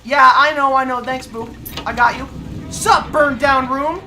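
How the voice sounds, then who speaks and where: A woman's voice: high voice, steady tone, unhurried, sharp tone, slight background noise. A woman streamer giving brash, profane commentary while she plays a game. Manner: brash, profane trash talk. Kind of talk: gameplay commentary.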